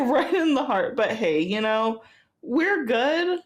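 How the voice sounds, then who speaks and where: Woman, podcast co-host, casual chat, frequent laughter, lively swooping pitch. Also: slow. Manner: giggly, laughs often between phrases.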